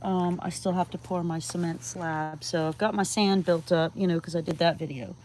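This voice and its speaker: Casting note: low-voiced woman, chatty livestreamer talking to her chickens outdoors at night, faint crickets behind. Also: fairly even intonation, moderate pace, darkish tone, slight background noise. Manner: chatty, coos at her birds, drops to a whisper at times. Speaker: vlogger feeding backyard chickens on a livestream. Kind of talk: casual livestream chat. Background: crickets and insects at night.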